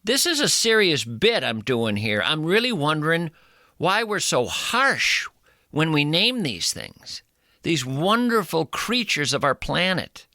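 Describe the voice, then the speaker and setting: A male radio host doing a comic monologue with playful mock-outrage and drawn-out emphasis. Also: high-pitched, very animated, bright, forceful tone, no room sound, studio quality.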